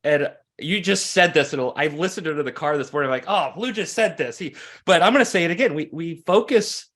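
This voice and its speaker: A man in his forties, a guest coach, talking earnestly in an interview, animated in his stories and often restarting phrases. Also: a little high, brisk. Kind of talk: conversational interview storytelling.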